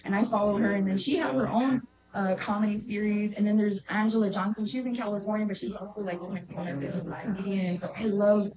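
A woman's voice: medium pitch, steady tone, brisk, dull audio, a crowd in the background. A woman comedian chatting as a guest in a venue's green room, easygoing and full of "like" and "um". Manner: easygoing, many fillers like "like" and "um". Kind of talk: casual interview chat.

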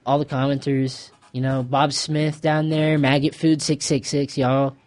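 An easygoing man, riffing through a movie breakdown with a friend. His pitch sits in the middle, and his talk wanders casually, with bursts of laughter along the way. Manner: relaxed, rambling, quick laughs. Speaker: video co-host.

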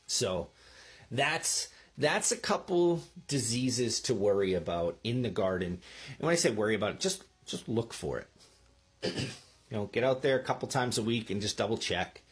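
A man's voice: mid-range voice, lively intonation, moderate pace, slightly rough. A man giving casual gardening advice into a microphone, chatty and often checking in with the listener with "okay?" and "right?". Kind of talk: casual instructional talk. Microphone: speaking into a microphone.

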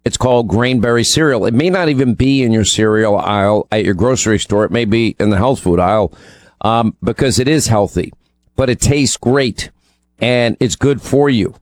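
Medium in pitch and normal in speed, this man's voice has no echo. He's a radio co-host from New York, chatting his way through ad reads and news in the studio with frequent ums and false starts.

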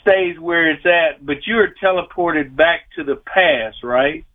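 A man in his sixties phoning in to a talk radio show, his voice a little high for a man. He talks in a folksy, rambling way, and the sound is thin and tinny through a phone line. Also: slow pace. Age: 60s. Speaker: caller. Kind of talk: call-in radio chat.

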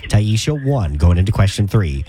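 A man's voice: lowish voice, big pitch swings, normal speed, mellow, breathy edge, faint music behind. A man who is sick, hosting a morning radio quiz game and quizzing a caller. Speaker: radio morning show host.

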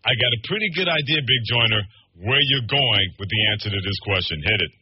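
A man hosting a sports radio show, briskly reading station plugs and then giving his takes on the games. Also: medium pitch, lively intonation, muffled recording, slight background noise. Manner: brisk, reads plugs and phone numbers.

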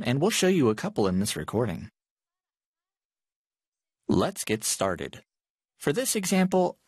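Lively, husky male tech podcast host. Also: mid-range voice, dry recording, clean studio sound. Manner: clear, steady and instructive. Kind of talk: scripted tech how-to narration.

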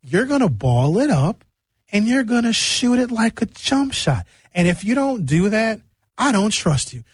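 A young man hosting a radio show, chatting casually with jokes and quick tangents. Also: sits high, slightly rough, no echo. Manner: animated, jokey, jumps between tangents. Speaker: radio host.

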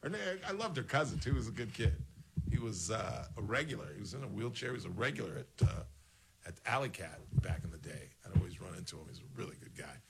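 A man with a lowish voice, talking fast with wide pitch swings and some vocal fry, hosts a radio-style show. He chats casually, wandering off on tangents through personal stories and acting out the quoted dialogue.

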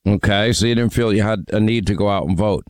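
A man's voice: fairly low pitch, fast, clean tone, dry recording. A man hosting a call-in radio show, needling and mocking a caller in a brash, combative way. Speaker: radio talk show host. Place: radio studio.

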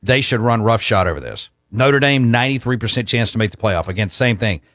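An easygoing man hosting a casual sports talk show, running through rankings and listener texts. His voice sits at an ordinary male pitch. The recording is dry and close, with no room sound. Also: expressive, fairly quick, fairly bright tone, dry recording.

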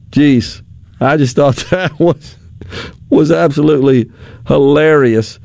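A male talk radio host with a fairly high voice who speaks slowly and deliberately. He is sarcastic and animated and breaks into laughter often. The sound is dry and close on a studio microphone. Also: no echo.

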